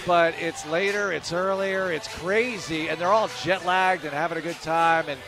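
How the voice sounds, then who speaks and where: A man's voice: on the high side, steady tone, normal speed. A man hosting a radio show on location, chatting casually and rambling from topic to topic. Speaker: radio host. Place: on location at a bar in London. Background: music.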